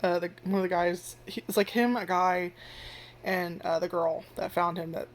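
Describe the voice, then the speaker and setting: An anime reviewer with a fairly low pitch and moderate pace shares her casual first impressions of a show. Her talk is rambling, full of filler words and frequent swearing, and she's animated, often jumping into loud acted-out reactions.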